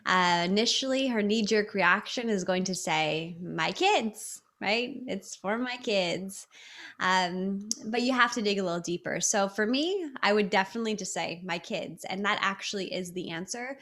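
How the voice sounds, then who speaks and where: A woman's voice: medium pitch, fairly bright tone. A woman in her thirties, an interview guest, talking over a video call in an earnest, reflective storytelling way. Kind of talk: casual interview talk.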